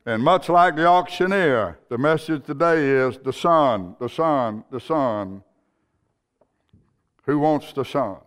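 A man preaching a sermon in a church, telling a story earnestly. His voice is clear and resonant, and a long hall reverb trails each phrase. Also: mid-range voice, lively intonation, slow pace, fairly bright tone. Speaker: pastor.

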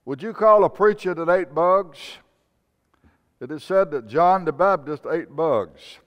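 A man preaches in a sermon style, lifting each name sharply before letting the line fall low and slow. His voice is smooth and resonant. It rings out with a long reverb, as in a church sanctuary. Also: lively intonation. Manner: preaching with emphatic rises on names, then dropping low and slow.

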